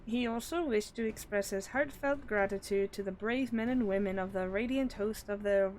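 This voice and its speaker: A woman's voice: medium pitch, darkish tone, soft background music, close to an everyday voice, poor audio. A woman voicing a polite, formal young boy envoy in a fantasy game, reading his lines in her own voice. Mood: earnest. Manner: courteous, earnest, measured.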